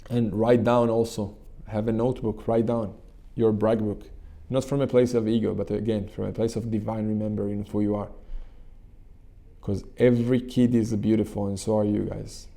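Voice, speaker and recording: A man hosting his channel, leading a guided meditation in an earnest, repetitive way with frequent halting restarts. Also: lowish voice, level tone, vocal fry, mellow. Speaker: channel host and coach. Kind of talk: motivational talk with guided meditation.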